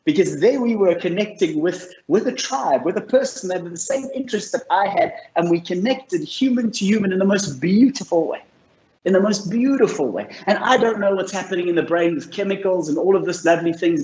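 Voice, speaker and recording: A man presents a mental health course straight to camera, telling stories in an earnest, warm, encouraging manner as a motivational talk. His high voice moves a little fast with lively intonation, and the recording sounds roomy and slightly dull.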